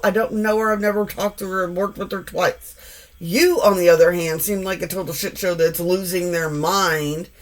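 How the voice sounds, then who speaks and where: A woman in her forties giving a casual tarot reading, blunt and profane, rambling with frequent restarts. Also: mid-range voice. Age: 40s. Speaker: tarot reader.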